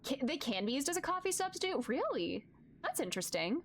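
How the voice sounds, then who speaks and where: A woman's voice: sits high, sing-song, a little fast, slight background noise. A woman streamer playing through a story game, reacting effusively and emotionally to what happens. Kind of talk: let's play commentary.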